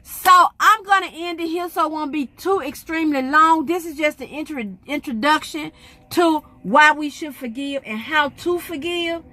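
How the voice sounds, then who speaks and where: A woman's voice: sits high, moderate pace, pushed and bright, no echo. A middle-aged woman, giving an emphatic, preacherly faith testimony to her vlog audience. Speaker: vlogger.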